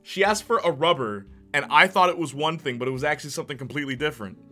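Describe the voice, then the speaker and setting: Streamer guy chatting w chat, bright tense voice, laughs a lot. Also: on the high side, fast talker, faint music behind. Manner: reads chat aloud and reacts, animated, laughs often. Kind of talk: casual livestream chat.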